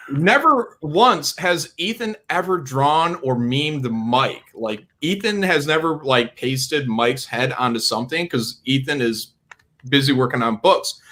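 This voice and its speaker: A man's voice: on the high side, bright, forceful tone. A man talking casually on a livestream, blunt and sarcastic, cursing freely. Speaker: guest on a livestream talk show.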